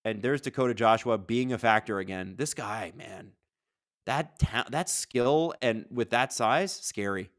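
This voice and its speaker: He speaks in a mid-range voice at an unhurried pace; the recording is dry and studio quality. This is a hockey watch-along live stream where he energetically rambles through casual chat and game commentary, reading questions from chat as they come in.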